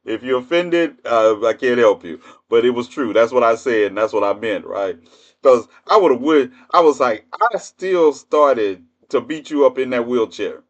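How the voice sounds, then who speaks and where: A man in his fifties hosts a livestream, delivering a casual storytelling monologue in a blunt, profane way punctuated by laughter. His mid-range voice is animated and moderately paced, and the recording has its highs cut off.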